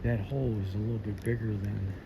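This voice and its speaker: Outdoor vlogger, male, rambling and apologetic, handheld phone mic buried in loud wind noise. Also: on the low side, steady tone, fast talker. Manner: rambling, apologetic, self-questioning. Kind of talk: casual walking commentary. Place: outdoors in woods.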